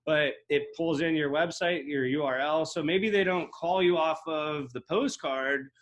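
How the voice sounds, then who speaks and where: A man giving a casual walkthrough of real estate software, rambling with lots of fillers and restarts. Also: on the high side, measured pace. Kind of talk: casual screen-share walkthrough.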